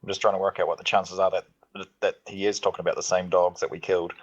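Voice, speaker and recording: Low-voiced player on a dull mic. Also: male voice, flat delivery, quick pace. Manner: questioning, analytical. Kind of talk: casual game chat.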